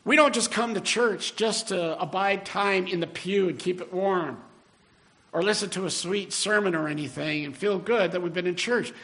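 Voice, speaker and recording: An older man preaching a sermon as a pastor, earnest and building emphasis, slowing down on key phrases. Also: high-pitched, pushed and bright.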